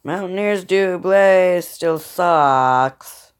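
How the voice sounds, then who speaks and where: A man's voice: high-pitched, very slow, smooth. A tired man muttering gameplay commentary into a phone microphone, grumbling at his opponents. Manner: grumbling at the game, muttering to himself. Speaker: mobile game player.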